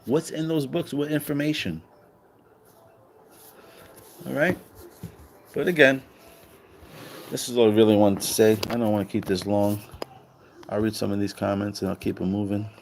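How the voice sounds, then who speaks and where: Animated man ranting with swearing. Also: moderate pace, vocal fry, long pauses, slight background noise. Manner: animated, swearing, rhetorical questions; acts out quoted voices with higher pitch. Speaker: online commentator. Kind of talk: casual livestream monologue.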